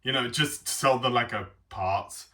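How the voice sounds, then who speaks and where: A man's voice: mid-range voice, normal speed, bright, forceful tone. A young man giving a casual review of a toy set, rambling and hesitant with many ums.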